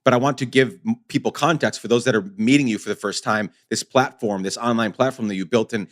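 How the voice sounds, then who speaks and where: A man hosting a podcast, asking questions in a relaxed, affirming conversational way. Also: medium pitch, quick pace. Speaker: podcast host. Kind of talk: interview questions.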